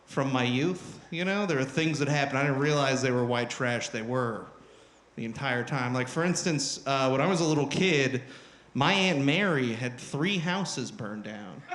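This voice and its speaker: A man performing stand-up comedy on stage, talking in a profane, animated way and shouting at the crowd. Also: on the high side. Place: live comedy venue on stage. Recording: roomy live club recording.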